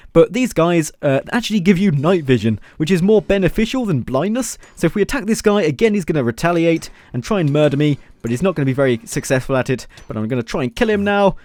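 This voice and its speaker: Excitable young man commenting on gameplay. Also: a little high, dry recording, studio quality. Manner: chatty, excitable, laughs often. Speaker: gaming YouTuber.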